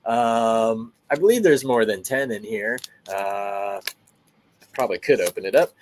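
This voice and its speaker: A man's voice: fairly low pitch, measured pace, a little hiss or hum. A man hosting a show, casually chatting and telling rambling stories in a laid-back way. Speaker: host. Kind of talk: casual chat.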